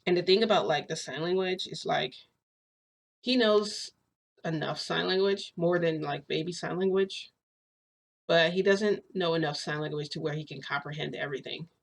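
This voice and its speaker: A woman talks straight to her audience in a chatty, excitable way. She retells events in a relaxed, casual storytelling style. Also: low-pitched, moderate pace, creaky. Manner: excitable, chatty retelling full of "I'm like" and "freaking". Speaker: vlogger.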